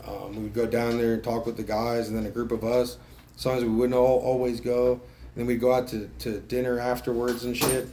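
A man's voice: mid-range voice, mellow, slight background noise. A man telling his recovery story at a meeting, casual and profane, self-mocking, with lots of fillers and restarts. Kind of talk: candid spoken testimony.

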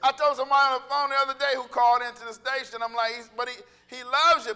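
A man preaching a sermon, animated and joking, acting out little voices and calling out to the congregation. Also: very high-pitched, fast, smooth. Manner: animated, joking, acts out voices, laughs often; calls out to congregation.

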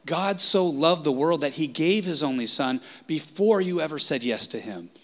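A man preaching a sermon with passion, swinging from loud outbursts down to hushed whispers. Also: on the high side, lively intonation, normal speed.

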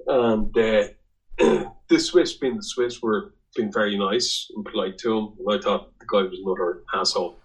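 A man's voice: lowish voice, steady tone, normal speed, poor audio. An Irish man, a guest on a podcast, telling a rambling, salty anecdote in casual chat. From Ireland. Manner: rambling, salty storyteller who swears.

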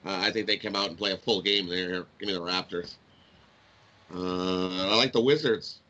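Bright-voiced male co-host giving picks. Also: deep voice, moderate pace, dull audio, slight background noise. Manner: relaxed, hesitant with many "uh"s. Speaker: sports betting show co-host. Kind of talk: casual betting picks chat. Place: home room with a window on video call.

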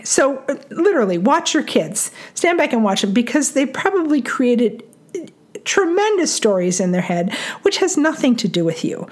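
A middle-aged woman giving parenting advice in a calm, chatty way, repeating points for emphasis. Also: a little high. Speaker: parenting coach. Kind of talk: solo advice talk.

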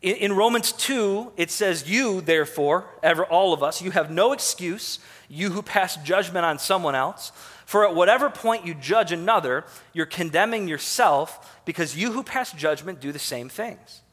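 A man's voice: sits high, animated, normal speed, a bit bright, big-room sound. A man preaching a sermon in a conversational way, with fillers and asides as he works through a passage.

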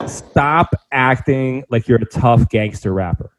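A man's voice: mid-range voice, a little slow, poor audio. A young man from the South Bronx, co-hosting a podcast in a sarcastic, ranting chat. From South Bronx, New York. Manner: ranting, sarcastic, mocks slang in put-on voices. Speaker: podcast co-host. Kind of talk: casual comedic chat.

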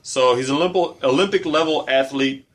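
A man co-hosting a podcast, telling stories with animated, profane rants among friends. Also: mid-range voice, fairly quick. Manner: ranting, animated storytelling. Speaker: podcast co-host. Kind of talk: casual profane banter.

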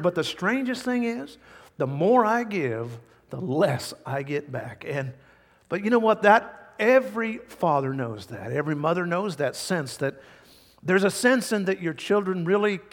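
Passionate pastor preaching in an echoey hall. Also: male voice, sits high. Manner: animated and passionate, voices scripture quotes emphatically. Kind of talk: sermon.

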